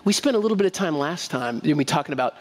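A man's voice: on the high side, lively intonation, rapid-fire. Conversational male pastor in a reverberant church. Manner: conversational, repeats himself, asks the congregation questions. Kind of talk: sermon. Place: church sanctuary. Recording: long reverb of a church hall.

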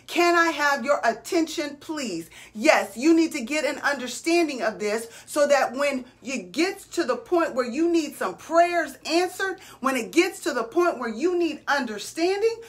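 A woman preaching a sermon, repeating her phrases for emphasis and calling on the congregation to answer. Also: high-pitched.

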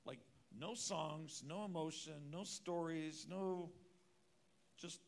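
A man's voice: on the high side, measured pace, creaky, slight background noise. A man preaching at a church conference, telling a personal story with wry, self-mocking humor. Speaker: conference speaker. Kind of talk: storytelling sermon.

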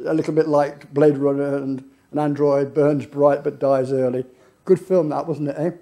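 A man's voice: a little high, level tone, normal speed, mellow. A man telling stories on stage as a keynote guest, laughing often as he goes. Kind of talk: anecdotal storytelling on stage. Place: event hall on stage.

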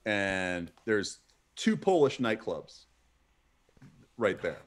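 A man's voice: on the low side, sing-song, extremely slow. A man in his forties on a livestream, telling a story in a loose, rambling way full of "like" and restarts. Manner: rambling, heavy use of "like", restarts mid-sentence. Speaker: stream co-host. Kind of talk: casual storytelling chat.

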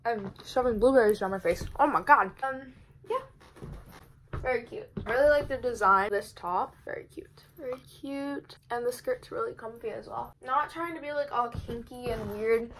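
A young woman chatting casually through a clothing try-on haul, bubbly and rambling, talking fast. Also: mid-range voice, fairly bright tone, slight background noise, poor audio. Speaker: fashion vlogger.

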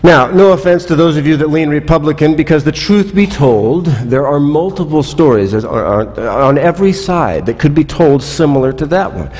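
A man's voice: on the high side, expressive, normal speed, few pauses, a little mellow, in a large hall. A man pastor preaching a sermon in a church, telling stories with wry asides in a conversational way. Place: church sanctuary.

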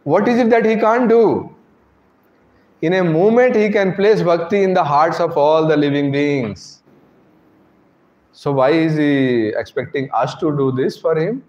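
A man's voice: on the high side, unhurried, darkish tone. A man giving a devotional sermon to a congregation, posing rhetorical questions and often tagging on "right?". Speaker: preacher. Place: temple congregation hall. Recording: echoey hall, dull sound.

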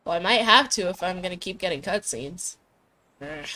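A woman's voice: lowish voice, animated, normal speed, sharp tone, slight background noise. A young woman streaming a game, joking to herself and reading dialogue aloud. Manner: playful, joking asides to herself. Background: faint game music.

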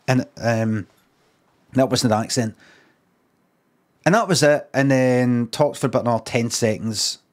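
A man's voice: mid-range voice, measured pace, long pauses. A Scottish man with a Glaswegian accent, telling a rambling, dry story in casual live-stream chat. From Scotland. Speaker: livestreamer.

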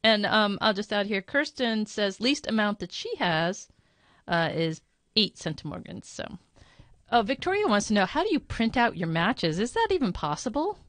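A woman's voice: medium pitch, very animated, normal speed, fairly bright tone, no room sound. A woman moderating a live webinar question session, reading out viewer questions in a chatty, informal way and thinking aloud.

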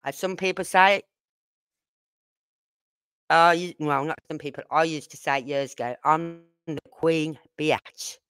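A woman's voice: deep voice, moderate pace, long pauses, fairly bright tone, smooth, no echo. A woman hosting a casual commentary livestream, emphatic and repeating her points. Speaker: livestream host.

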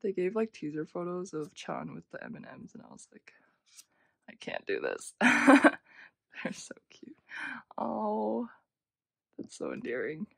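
A young woman casually narrating an unboxing, gushing with frequent gasps and soft half-whispered asides. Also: on the low side, wildly swooping pitch, normal speed, gravelly, no echo. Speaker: unboxing vlogger.

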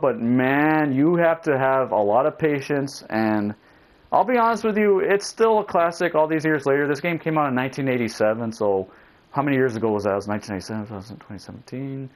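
A young man giving casual gameplay commentary, swearing, shouting at enemies and talking to his viewers as he plays. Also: fairly high pitch. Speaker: let's play gamer.

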